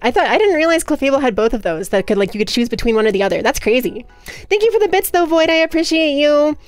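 This is a young woman hosting a live stream, riffing casually with her chat. She talks in a rapid, hyperactive rush, with a slightly high voice. Faint music plays under her. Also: sing-song, dry recording. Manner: rapid, nonstop, hyperactive talker. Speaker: livestreamer.

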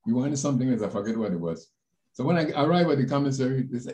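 An older man from the Panama Canal Zone, a panelist telling personal stories in an animated way over a video call. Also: quick pace. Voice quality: animated, jumps in pitch when quoting others. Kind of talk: personal storytelling. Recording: roomy echo.

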